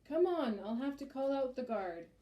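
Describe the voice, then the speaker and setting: A woman's voice: mid-range voice, normal speed, warm tone, close to an everyday voice. A woman reading aloud, voicing a fussy, blustering male town mayor who bellows and speaks pompously. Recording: roomy echo.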